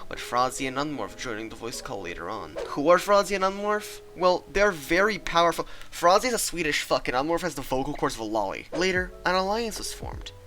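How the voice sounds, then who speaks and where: A young man giving scripted, sarcastic comedic narration with deadpan asides. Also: a little high, a little fast, hardly any pauses. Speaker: channel host and narrator.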